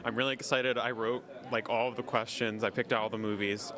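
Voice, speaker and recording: A young man co-hosting a student video show, enthusiastic and animated. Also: mid-range voice, a little fast. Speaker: co-host. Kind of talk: scripted campus video hosting.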